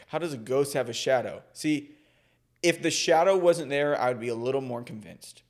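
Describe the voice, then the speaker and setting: Man, co-host, casual chat, dry jokes, quick asides. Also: mid-range voice. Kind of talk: casual chat reacting to online posts.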